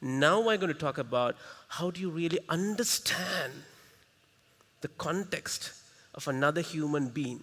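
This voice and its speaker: A higher-voiced Sri man facilitates a workshop in a big, echoing conference hall. Energetic and punchy, he works the crowd, drawing people in with rapid rhetorical questions throughout the interactive talk.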